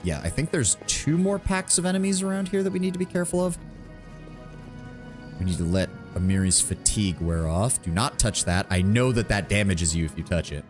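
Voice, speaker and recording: A man's voice: fairly low pitch, big pitch swings, a little fast, faint music behind. A man streaming a video game, giving casual, offhand commentary with muttered asides.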